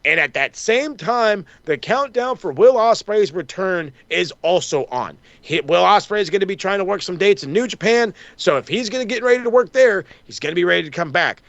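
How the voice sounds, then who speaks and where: His voice is high-pitched and creaky, fairly bright, with lively intonation, as this podcast co-host fires off a heated, curse-filled wrestling recap, often mocking other people's words. The dry recording has its highs cut off.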